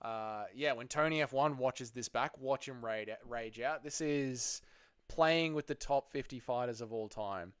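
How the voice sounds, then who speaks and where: Smooth-voiced man chatting on a livestream. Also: medium pitch, measured pace, no echo. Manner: loose, profane, chatty with viewers. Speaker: livestream host. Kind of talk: casual livestream chat.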